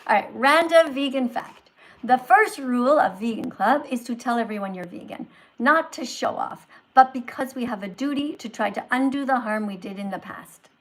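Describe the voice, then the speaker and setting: High-voiced woman hosting a livestream in a teacher role; moralizing, scolding lecture. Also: normal speed, rough recording. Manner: scolding, moralizing, swings loud to soft. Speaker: livestream host posing as a teacher.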